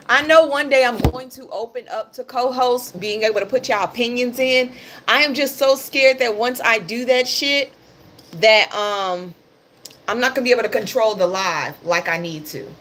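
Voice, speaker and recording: A woman with a slightly high, fairly bright voice hosts a casual livestream, discussing the news at a moderate pace. She comes across as passionate, sarcastic and blunt. A little hiss or hum can be heard in the recording.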